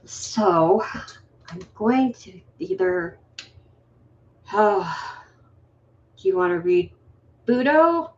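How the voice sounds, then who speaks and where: A woman co-hosting a podcast, talking in a soft, hesitant way as she sets up the next segment. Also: medium pitch, very animated, drawn-out words, long pauses. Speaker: podcast co-host. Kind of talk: casual chat. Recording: dull, slightly noisy, distant mic.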